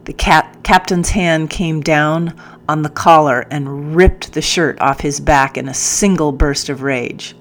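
A woman narrating a first-person audiobook in a measured, earnest way. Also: sits low.

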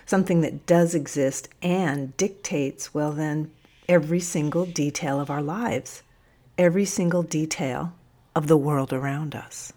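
A woman narrating a first-person story in a measured, reflective reading. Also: sits low, warm tone.

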